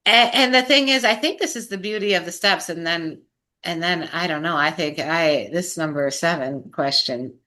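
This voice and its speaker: A woman's voice: on the low side, moderate pace, bright, forceful tone. A woman sharing earnestly in a casual group chat, reflective and searching for her words. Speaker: sobriety group chat participant.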